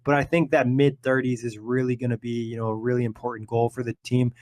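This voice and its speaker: A man hosting a casual sports podcast, easygoing and quick to laugh. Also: medium pitch, little pitch movement, a little mellow, no echo. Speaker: podcast host.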